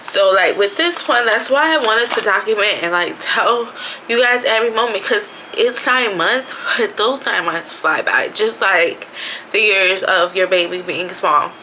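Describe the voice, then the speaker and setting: A woman's voice: mid-range voice, measured pace, pushed and bright, slight background noise, low-quality recording. A woman vlogging from her bathroom at home, talking casually about her pregnancy with lots of "like" and "you know". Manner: chatty, frequent fillers "like" and "you know". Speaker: vlogger, expecting mother. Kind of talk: casual chatty vlog.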